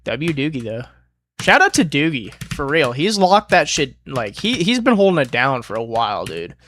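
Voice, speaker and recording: A male streamer mutters and swears his way through a hard level, coaching himself out loud. His pitch sits in a middling range. Faint keyboard clicks tick in the background. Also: moderate pace, slight background noise. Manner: profane, excitable, talks himself through attempts. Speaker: streamer playing a platformer. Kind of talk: casual self-talk while gaming.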